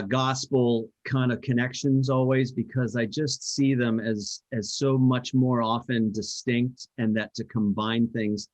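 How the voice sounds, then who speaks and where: A man's voice: mid-range voice, darkish tone, no room sound. Man, group study leader, thoughtful, stop-start phrasing, muffled lo-fi audio. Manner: thoughtful, hedging, frequent restarts. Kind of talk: group discussion teaching. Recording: dull lo-fi dry sound.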